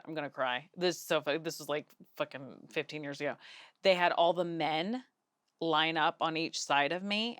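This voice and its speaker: Low, smooth-voiced woman telling stories candidly. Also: no room sound, clean studio sound. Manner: candid, profane, animated storyteller. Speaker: podcast host. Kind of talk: casual podcast chat.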